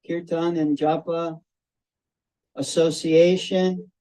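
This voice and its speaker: An older man giving a devotional talk to a group over a video call, telling stories slowly and circling back on his phrases. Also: fairly high pitch, little pitch movement, warm tone, rough recording. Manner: slow, storytelling, repeats and restarts phrases. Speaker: spiritual teacher.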